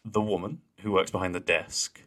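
Deep bright-toned man, animated. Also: normal speed. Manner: animated, laughs easily, does mocking impressions of deadpan lines. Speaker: podcast co-host. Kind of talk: casual chat.

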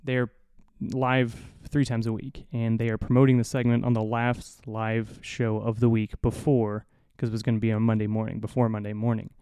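Mellow, smooth-voiced man telling a story. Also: medium pitch, flat delivery, normal speed, hardly any pauses, dry recording, clean studio sound. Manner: rambling, profane, self-deprecating, with many restarts. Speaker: podcast host. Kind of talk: casual storytelling monologue. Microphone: studio mic through an audio interface.

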